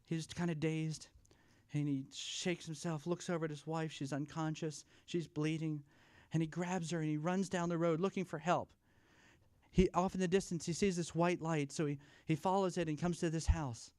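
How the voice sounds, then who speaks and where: A man telling corny jokes and a long shaggy-dog story at a church family night, playful and self-deprecating, pausing for laughs. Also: fairly high pitch, fairly even intonation, darkish tone, clean tone, no echo, studio quality. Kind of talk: stand-up style corny jokes. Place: church fellowship event, live.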